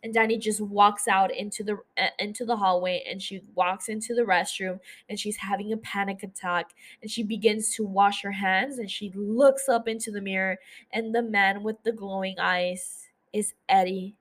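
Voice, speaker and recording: A woman with a middle-pitched voice recaps a show episode in a loose, chatty way. She swears freely and breaks off into gushing asides. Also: fairly even intonation, normal speed, fairly bright tone. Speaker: podcast host.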